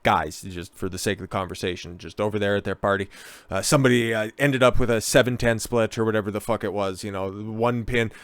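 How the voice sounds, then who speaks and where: Guy ranting and telling crude stories, swears a lot, keeps saying okay, smooth voice, dead dry sound. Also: fairly low pitch, fairly quick, no room sound. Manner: crude, profane, rambling, keeps tagging "okay?". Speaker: online commentator. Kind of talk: ranting commentary and storytelling.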